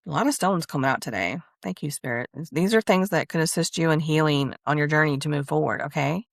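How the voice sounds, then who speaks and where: A woman's voice: sits low, fairly quick, creaky, no echo, studio quality. A woman hosting a spiritual reading channel, telling a personal story in a rambling, candid way and speaking aloud to spirit as she channels messages. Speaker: spiritual reader and channel host.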